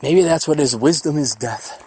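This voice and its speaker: A man in his forties talks alone into his podcast mic, drifting from memory to musing. His voice sits a little high for a man. He swears freely and wanders in a loose, reflective ramble. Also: a little mellow, a little hiss or hum. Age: 40s. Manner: rambling, profane, reflective, mocks others in quick put-on voices. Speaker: podcast host. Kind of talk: solo podcast monologue.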